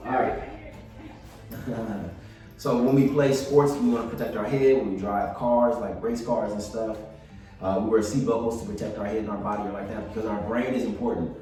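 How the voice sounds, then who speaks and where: An encouraging man leads a casual online class for students, speaking in a low, mellow voice and repeating his phrases with upbeat energy. He sounds set back from the mic in a roomy, echoey space, with faint music playing behind him. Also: far from the mic. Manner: repetitive, upbeat, encouraging, talks to the class directly. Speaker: yoga and mental health instructor. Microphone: video call.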